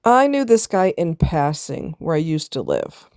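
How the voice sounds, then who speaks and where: A woman with a low, mellow voice delivers blunt, preachy commentary to the camera. She fires off rhetorical questions and answers them herself. The recording is close and dry. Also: sing-song, unhurried, dry recording. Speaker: vlogger. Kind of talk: casual commentary.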